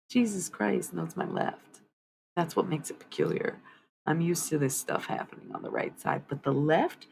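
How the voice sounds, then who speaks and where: Low gravelly woman streamer, blunt. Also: animated, moderate pace, a little hiss or hum, poor audio. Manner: blunt, swears freely, talks back sharply. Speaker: livestream host doing card readings. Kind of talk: casual livestream chat.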